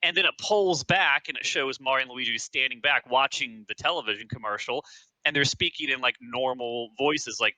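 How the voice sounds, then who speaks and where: Bright-voiced man recapping casually. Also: mid-range voice, fast talker, dry recording, low-quality recording. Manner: rambling, hesitant recap with restarts. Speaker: podcast co-host recapping a film. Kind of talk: casual podcast chat.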